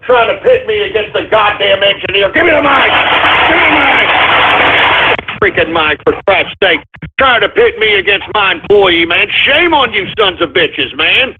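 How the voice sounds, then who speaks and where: Over very noisy, tinny phone-like radio sound, a man with a high voice and lively intonation plays a blustering Texan talk radio host. At a moderate pace he rants and curses in this parody, stumbling over words with drunk-sounding bravado.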